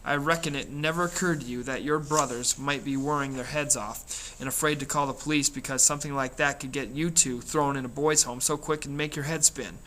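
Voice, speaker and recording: A man voicing an angry, strict older brother who shouts and scolds, read aloud from a novel. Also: medium pitch, fairly even intonation, a little fast, slight background noise, close to an everyday voice. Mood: scolding.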